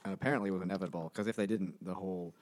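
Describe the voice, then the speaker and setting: Fast-talking wisecracking man. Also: deep voice, steady tone, a little mellow. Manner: wisecracking, profane. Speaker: podcast co-host. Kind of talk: casual chat over beers.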